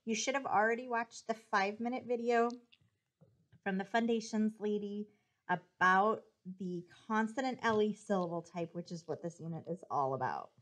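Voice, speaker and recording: A woman's voice: medium pitch, normal speed, a bit bright. A woman teacher giving a spelling dictation lesson, patiently sounding out syllables and explaining the rules.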